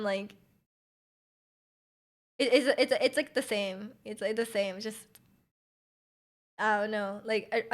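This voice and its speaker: Her voice a little high and fairly bright, a young Twitch streamer from Canada talks with her chat in a Canadian accent. The conversation is loose and rambling, with her laughing and trailing off mid-thought.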